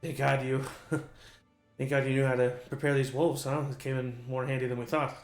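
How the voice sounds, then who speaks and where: A man voicing a gentle, nervous male survivor companion who talks in a soft, earnest and reassuring way, recorded in an echoey room. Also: medium pitch, flat delivery, moderate pace, soft background music, lightly acted.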